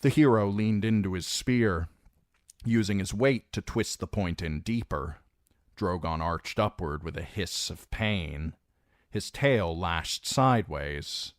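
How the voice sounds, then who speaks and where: Male narrator for a fantasy audiobook: deep, unhurried, dramatic delivery, dry close sound. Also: no room sound. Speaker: audiobook reader.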